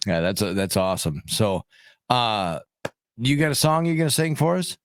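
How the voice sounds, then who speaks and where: A man's voice: lowish voice, sing-song, normal speed, no room sound, clean studio sound. A man hosting a radio show, asking a guest questions in a friendly, easygoing way. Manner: friendly, laughs easily. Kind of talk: casual radio interview.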